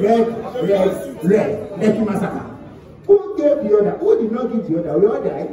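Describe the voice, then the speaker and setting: A man with a Nigerian accent performing spoken word poetry, chanting rhythmic repeated lines and shouting refrains. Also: sits high, expressive, normal speed. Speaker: performance poet. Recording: echoey hall from far off, music and crowd.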